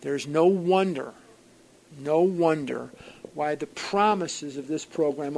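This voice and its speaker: A man with a gravelly, slightly high voice tells a personal story to a recovery group. He is animated and wry, jumping from loud outbursts to hushed asides. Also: takes it slowly, low-quality recording. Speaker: speaker sharing at a recovery program gathering.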